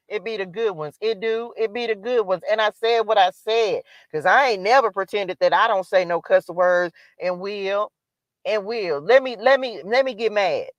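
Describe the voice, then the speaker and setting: A woman's voice: mid-range voice, normal speed, dry recording. A woman hosting a spiritual live stream, giving an emphatic, preachy motivational talk that repeats its calls to action. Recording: dull lo-fi dry sound.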